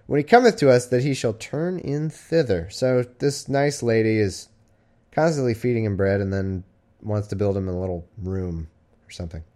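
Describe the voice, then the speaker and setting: A man's voice: lowish voice, moderate pace, warm tone. A man hosting a comedy podcast, reading archaic Bible verses aloud and breaking off into sarcastic, irreverent asides. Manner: reads archaic verse then riffs casually. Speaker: podcast host.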